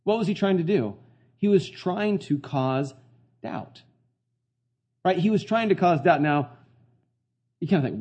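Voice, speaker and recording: A man delivers a casual sermon, talking to his listeners like friends and tossing them questions. His voice sits a little high and sounds warm and mellow. The recording is muffled and lo-fi. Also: lively intonation, unhurried, long pauses, husky. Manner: conversational, slangy, asks the audience questions. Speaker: pastor.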